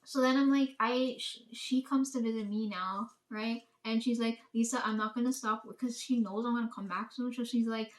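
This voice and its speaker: Vlogger, female, a touch higher pitched, loose and profane storyteller who keeps checking in with "right?". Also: fairly even intonation, moderate pace, hardly any pauses. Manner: profane, rambling, peppered with "like" and "right?". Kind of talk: casual storytelling.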